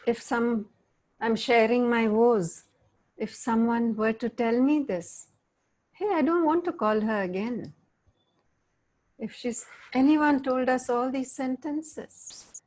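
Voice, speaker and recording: A middle-aged woman guides a group through an online talk. Her voice sits fairly high and she speaks slowly. She keeps asking her listeners questions and acts out tones of voice to show her point. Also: a little mellow. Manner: questions the audience often, demonstrates tones of voice. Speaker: workshop facilitator.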